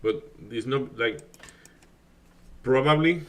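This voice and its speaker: A man's voice: mid-range voice, takes it slowly. A man whose first language is Spanish, chatting casually on a live stream, rambling with many fillers and restarts. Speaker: day trading streamer.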